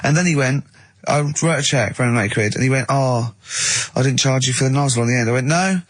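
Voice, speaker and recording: A man's voice: medium pitch, steady tone, fast talker, no room sound. A man co-hosting a radio show, telling rambling anecdotes in casual banter and acting out the people he quotes. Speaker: radio co-host. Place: radio studio.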